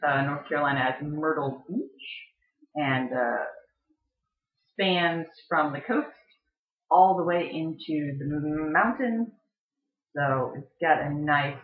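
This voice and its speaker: A speaker giving a casual educational explanation, thinking aloud with frequent ums and uhs. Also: mid-range voice. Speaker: online explainer. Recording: echoey room, slightly dull lo-fi sound.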